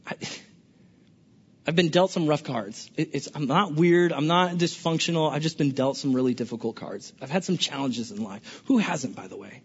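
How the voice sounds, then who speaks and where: A man preaching a sermon as a pastor, animated and playful, often stammering and restarting his sentences. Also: on the high side, normal speed, breathy edge. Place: large church hall. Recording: dull lo-fi recording with long hall reverb.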